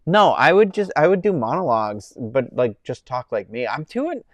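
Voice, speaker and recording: A young man with a middle-pitched voice talks his way through a relaxed live stream, rambling from one thought to the next and answering viewers between fillers and laughs. His voice sits close and dry on the mic, with no room sound around it. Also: moderate pace, no echo. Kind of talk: casual chat reading viewer comments.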